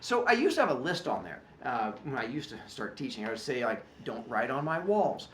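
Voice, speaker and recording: A man teaching and explaining classroom rules in an animated, joking way, acting out his students. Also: medium pitch, fast talker, echoey room, a little hiss or hum. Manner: animated, jokey, acts out students.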